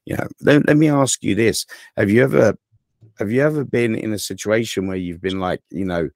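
English man, very low voice, podcast host, rambling, dry humor, close dry sound. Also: moderate pace, dry recording. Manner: rambling, peppered with "you know". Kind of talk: casual podcast chat.

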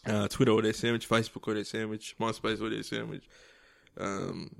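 A man's voice: on the low side, fairly quick, creaky, no room sound, studio quality. A man co-hosting a podcast, joking and laughing through casual banter. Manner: giggly, lively banter. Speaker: podcast co-host.

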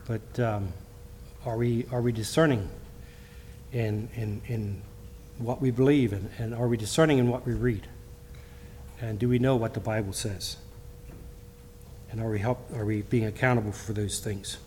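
A middle-aged man preaching a church sermon with personal testimony. He speaks haltingly, restarting often, and reads scripture in King James wording. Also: on the low side, fairly even intonation, a little mellow, a little hiss or hum. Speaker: lay preacher.

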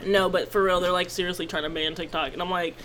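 A woman's voice: lowish voice, fairly even intonation, a little fast, a bit bright. A young woman from Maryland co-hosting a podcast, chatting loosely with profane, jokey banter. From Maryland, USA. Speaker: podcast co-host. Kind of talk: casual chat.

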